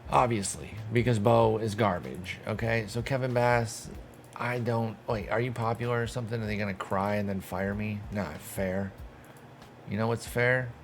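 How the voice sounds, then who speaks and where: A man's voice: fairly low pitch, steady tone, moderate pace, a little hiss or hum. A young man giving casual gameplay commentary, talking to himself and the game with exasperated, profane bursts of mock outrage. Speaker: gaming streamer.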